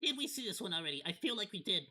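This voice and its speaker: A man's voice: high voice, big pitch swings, very fast, bright, forceful tone. A man streaming a watch party, rambling through casual commentary in a candid, loosely profane way. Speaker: VTuber streamer.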